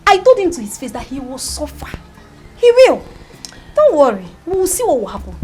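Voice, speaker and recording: A woman's voice: high-pitched, big pitch swings, fast, a little mellow, faint music behind. An actress with a Nigerian accent playing a resentful young woman who vows revenge. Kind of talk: film drama acting.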